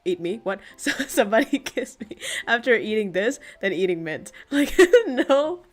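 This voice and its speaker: A woman's voice: mid-range voice, expressive, normal speed, faint music behind. A woman from Vietnam with an American-tinged accent, chatting casually as a streamer, blunt and playful, swearing and laughing often. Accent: American-influenced English. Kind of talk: casual chat.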